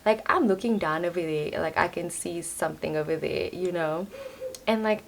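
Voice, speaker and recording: A woman's voice: lowish voice, moderate pace, gravelly. A young woman giving a casual tarot reading to a camera on a tripod, talking in a loose, chatty way full of "like" and "you know". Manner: chatty, filler-heavy, lots of "like" and "you know". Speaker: tarot reader.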